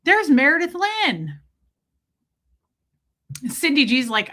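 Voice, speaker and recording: Bright-voiced chatty woman streamer. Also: high-pitched, very animated, moderate pace, pauses often. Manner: chatty, teasing, greets people by name. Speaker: livestream host. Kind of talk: casual livestream chat greeting viewers.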